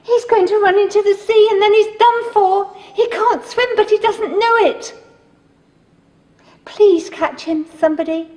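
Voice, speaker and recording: A woman's voice: very high-pitched, unhurried, darkish tone, in a large hall. A woman playing a fussy, anxious lady who dotes on her lapdog, talking in cooing baby talk in a film drama. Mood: pleading.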